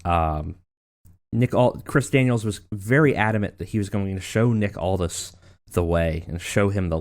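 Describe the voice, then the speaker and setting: A man's voice: deep voice, darkish tone. A man casually narrating a wrestling management game, rambling with many fillers. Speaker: let's play narrator.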